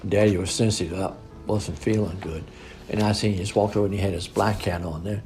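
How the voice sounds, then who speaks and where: A man's voice: deep voice, fairly even intonation, brisk, darkish tone, faint music behind. A man in his eighties recounting old family photos in a folksy, rambling way, with colloquial grammar. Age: 80s. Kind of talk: informal storytelling.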